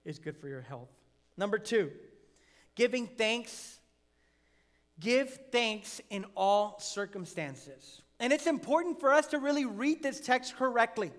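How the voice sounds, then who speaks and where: A man's voice: extremely high pitch, lively intonation, a little slow, a bit bright. A male pastor preaching a sermon earnestly, hammering home points through repetition and rising emphasis. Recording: long hall reverb.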